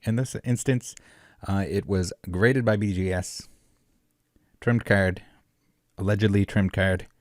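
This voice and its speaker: A man's voice: on the low side, fairly even intonation, a little slow, dry recording, clean studio sound. A man hosting a collectibles commentary vlog, rambling and sarcastic with many filler words. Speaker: collectibles channel host.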